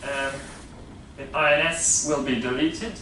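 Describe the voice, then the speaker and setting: A man's voice: medium pitch, fairly even intonation, a little slow, pushed and bright, slight background noise. A man with a Dutch accent giving a classroom lecture on phonetics, explaining step by step with many fillers and frequent checks of "yeah?". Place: lecture room. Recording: echoey lecture room from a distance.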